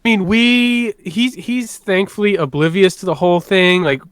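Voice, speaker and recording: Lively bright-voiced man on podcast. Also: sits high, normal speed, clean tone, no room sound. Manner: animated storyteller, laughs often. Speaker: podcast co-host. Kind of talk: casual podcast chat.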